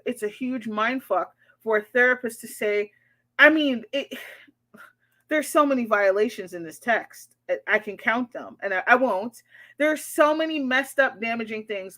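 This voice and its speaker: A woman's voice: fairly high pitch, sharp tone. A woman therapist on her vlog, bluntly and indignantly picking apart a post and swearing freely. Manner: indignant ranting. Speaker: therapist reacting to a social media post. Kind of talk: reaction vlog commentary.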